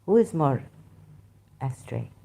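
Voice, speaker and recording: Woman reading scripture slow, stops and starts, chuckles a lot, dark mellow tone. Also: very deep voice, sing-song, gravelly. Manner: halting, self-interrupting, chuckling. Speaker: religion critic. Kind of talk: reading scripture aloud with commentary.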